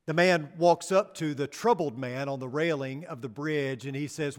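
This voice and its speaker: A man preaches in a sanctuary with a long, ringing reverb. His voice sits fairly high, and he keeps asking his listeners questions, then lets the answers fall quiet and low. His delivery is an unhurried sermon. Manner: rhetorical questions, drops low and soft on key words. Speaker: pastor. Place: church sanctuary. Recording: long reverb of a church hall.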